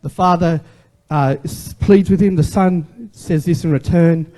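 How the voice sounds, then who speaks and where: A man's voice: fairly high pitch, unhurried, mellow. A man, preaching a sermon as a pastor in a conversational way and asking the congregation questions.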